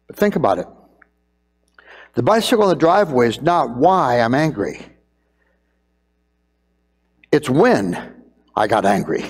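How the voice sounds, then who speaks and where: A man's voice: fairly high pitch, a little mellow, long reverb tail. An older man preaching a sermon in a conversational way, often repeating words as he thinks.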